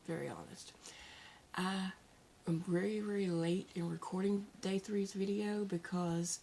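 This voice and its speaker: Soft-spoken gravelly Southern woman. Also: medium pitch, flat delivery, slight background noise. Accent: Southern American. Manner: soft-spoken, candid, with pauses and fillers. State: emotional after crying. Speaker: vlogger. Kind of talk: casual vlog talk to camera. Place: at home, indoors.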